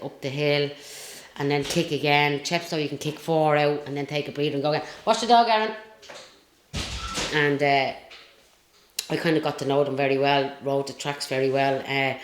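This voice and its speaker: A woman's voice: a bass voice, slight background noise. An Irish woman and retired jockey telling stories in a casual interview, rambling and chatty with lots of fillers. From Ireland. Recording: roomy echo.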